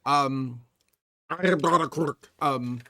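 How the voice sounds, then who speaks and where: A man's voice: medium pitch, slow pace. A man putting on a gargly underwater voice as a zombie cheerleader, vibrating the back of his tongue. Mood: gargling playful. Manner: loud, throaty, playful.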